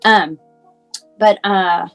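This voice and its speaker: A woman's voice: mid-range voice, steady tone, very slow, faint music behind. Rambling woman telling an emotional story. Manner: rambling, many fillers, acts out phone calls. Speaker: mother telling her son's story.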